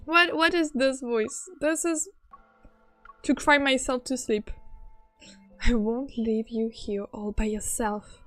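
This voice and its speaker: Excitable high-voiced woman streamer. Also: slow pace, pauses often, faint music behind. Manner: excitable, flustered reactions between story text read aloud. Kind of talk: game reaction livestream.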